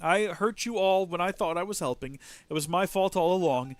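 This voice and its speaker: A man's voice: high-pitched, normal speed, pitched above the performer's own voice, natural voice. A man voicing a fretful, kindly goat keeper. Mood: earnest, remorseful. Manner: emotional, fretful and heartfelt. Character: kindly male goat keeper, apologetic and earnest. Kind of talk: reading game dialogue aloud in character.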